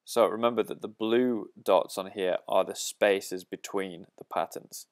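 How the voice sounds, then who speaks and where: A man teaching a drum lesson, explaining a pattern step by step and counting the beats aloud. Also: fairly low pitch.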